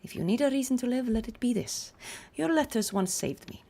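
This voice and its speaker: A woman voicing an older man with a dry wit, speaking low and calmly. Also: a little fast, vocal fry. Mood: gentle. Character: dry-witted older man, former merchant.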